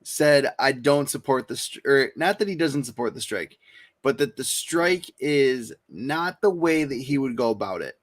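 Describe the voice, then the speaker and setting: A man's voice: medium pitch, lively intonation, moderate pace. A man co-hosting a casual podcast chat who agrees readily and explains points at length. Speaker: podcast co-host.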